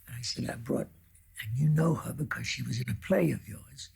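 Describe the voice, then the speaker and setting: Raspy, gravelly older man, hushed. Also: medium pitch, moderate pace. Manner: hushed, soft, drops to near whisper. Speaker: actor telling an audition story.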